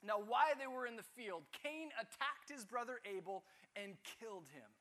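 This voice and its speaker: A man's voice: very high voice, moderate pace. A man teaching a Bible class, asking his students questions and joking with them. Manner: lively, asks the class questions, jokes.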